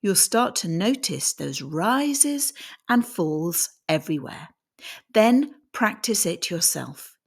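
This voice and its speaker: A woman giving a scripted English pronunciation lesson, deliberately demonstrating how her voice rises and falls. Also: lowish voice, sing-song, vocal fry, husky.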